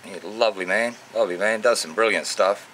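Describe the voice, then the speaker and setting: A man with an Australian accent giving casual, unscripted shout-outs in a matey, rambling way full of slang. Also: lowish voice, fairly quick, a little hiss or hum. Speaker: vlogger.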